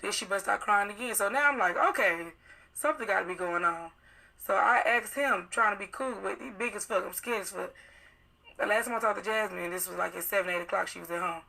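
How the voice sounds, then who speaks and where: A young woman with a gravelly, bright voice recounts a night out in loose, profane storytelling. She acts out the other people's lines as she goes. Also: medium pitch, rough recording. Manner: profane, rapid storytelling acting out quoted dialogue. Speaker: witness telling her account. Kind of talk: casual recounting on live video.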